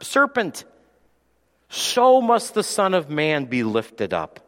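A man preaching a sermon as pastor, swinging between loud, forceful preaching and hushed storytelling, in a church sanctuary. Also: high voice, big pitch swings, takes it slowly. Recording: long hall reverb.

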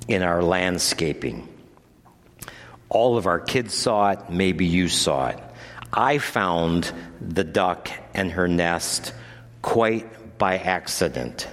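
A man preaching a sermon as pastor, moving from measured teaching to loud, emphatic proclamation. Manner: builds from low measured teaching to loud, high-pitched preaching. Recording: long hall reverb.

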